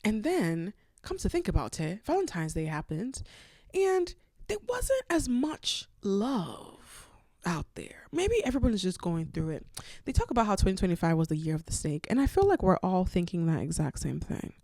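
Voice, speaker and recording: A woman hosts a solo podcast with a fairly low voice, sharing personal stories in a candid, expressive way. She swings from loud, excited bursts to hushed asides. The sound is dry and close, with no room echo. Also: a little fast. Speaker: podcast host.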